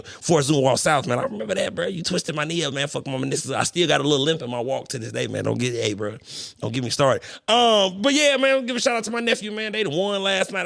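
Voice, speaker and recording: Boastful, gravelly young male podcast host. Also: medium pitch, dry recording, studio quality. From St. Louis, Missouri. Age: young adult. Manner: boastful, animated, profane trash talk. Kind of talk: casual chat.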